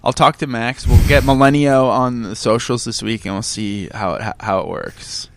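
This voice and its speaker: Wry rambling man with a gravelly voice. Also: medium pitch, fairly even intonation, moderate pace. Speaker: podcast co-host. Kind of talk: casual chat.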